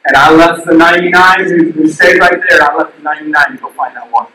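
A male pastor giving a sermon in an animated way, asking the crowd questions and acting out the quotes he tells. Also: fairly high pitch, fast, a little hiss or hum. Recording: distant mic in a very echoey hall.

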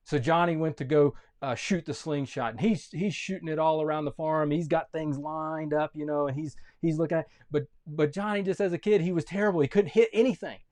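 A pastor giving a sermon, telling a story with lively energy and frequent restarts. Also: male voice, a little high, a little fast, hardly any pauses.

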